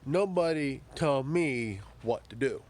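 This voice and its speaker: With an animated, medium-pitched and slightly mellow voice, a man rants as a commentary vlogger. His monologue is profane and confrontational, marked by frequent stumbles and halting repetitions.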